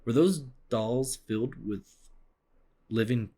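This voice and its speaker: A man's voice: medium pitch, slow pace, mellow. Playful man commenting on a game. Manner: playful, joking commentary with bursts of laughter. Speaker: let's play commentator. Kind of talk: playing a story game and reading it aloud.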